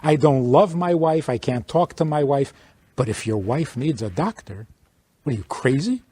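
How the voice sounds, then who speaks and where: A man, a rabbi, giving an informal teaching talk to a small audience, speaking in an animated way and acting out little dialogues. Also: medium pitch, normal speed, husky. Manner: animated, plays out dialogues, chuckles.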